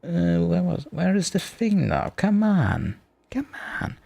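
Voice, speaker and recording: A man chatting casually on a live stream, rambling and poking fun at himself as he fumbles with his software. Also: sits high, huge pitch swings, takes it slowly, vocal fry, no echo. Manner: rambling, self-mocking, talks to himself while fiddling with software.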